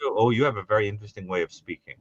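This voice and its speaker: A man's voice: lowish voice, very fast, dry recording, highs cut off. A man co-hosting a call-in show as a psychologist, playful, teasing and theatrical as he banters with a caller. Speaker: psychologist co-host.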